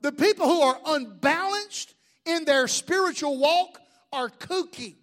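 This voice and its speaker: High-voiced pastor joking through a sermon. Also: male voice, unhurried. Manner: animated, joking storyteller with many restarts.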